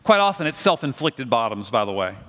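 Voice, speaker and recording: A man's voice: mid-range voice, big pitch swings, brisk, fairly bright tone, long reverb tail. A middle-aged male pastor preaching a sermon in a conversational, storytelling way, often asking the congregation questions.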